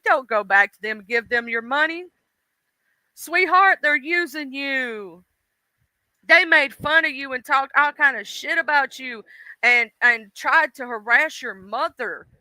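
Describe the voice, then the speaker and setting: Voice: mid-range voice, sharp tone, no echo. A livestream host ranting bluntly and profanely, speaking straight to the audience. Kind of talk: casual livestream rant.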